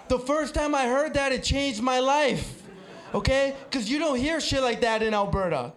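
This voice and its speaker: A man from El Salvador doing a stand-up comedy set, brash and punchy, shouting his punchlines to the crowd. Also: extremely high pitch, moderate pace. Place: comedy club stage with live audience.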